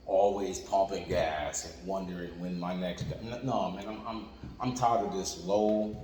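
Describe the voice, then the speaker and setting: Lower-voiced man preaching in an echoey room. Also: steady tone, unhurried, warm tone. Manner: conversational, repetitive, with frequent "like" and "you know what I'm saying". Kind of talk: informal sermon. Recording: echoey room with long reverb and faint ambience.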